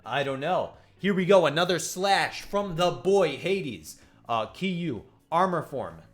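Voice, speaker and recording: Excitable, cussing man reacting to manga. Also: fairly high pitch, measured pace. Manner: excitable and profane, laughs along. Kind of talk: casual reaction commentary, reading aloud.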